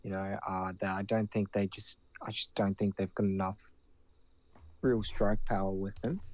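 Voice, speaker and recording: A man's voice: fairly low pitch, darkish tone, slight background noise. A man giving his season predictions on a casual podcast, hesitant and full of fillers. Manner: hesitant, lots of fillers and restarts.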